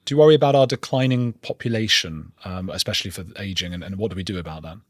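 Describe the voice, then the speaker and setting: Quick, low-voiced male interviewer. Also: no room sound, studio quality. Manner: curious, chatty, loosely phrased questions. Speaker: podcast host and interviewer. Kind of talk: casual interview questions.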